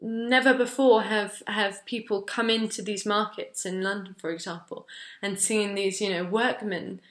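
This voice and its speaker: A young woman raised in France talks through her project in an unscripted, thoughtful way, pausing to find the right words. Her voice is bright and clear-edged, at a middling pitch. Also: fairly even intonation. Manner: thoughtful, searching for words as she explains. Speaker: project researcher. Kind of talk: unscripted spoken presentation.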